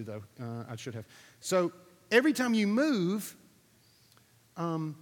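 A man preaching, telling a lively personal story to his audience, acting out what others said, then drawing a lesson from it. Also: high-pitched. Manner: animated storytelling, acting out quotes, asking the audience. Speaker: pastor. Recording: reverberant hall recording.

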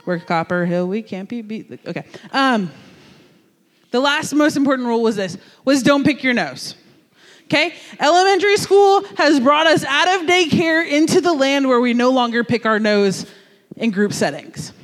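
A man from New Jersey giving a sermon as a youth pastor, telling a story in an animated, jokey, conversational way. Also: very high voice, moderate pace, big-room sound.

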